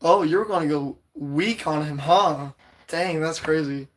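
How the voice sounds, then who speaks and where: A man hosting a casual livestream, greeting viewers and rambling excitedly about shows and quotes, with a voice still a little hoarse. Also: a little high, measured pace, a little hiss or hum. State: voice slightly hoarse, recovering. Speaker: livestream host reading chat.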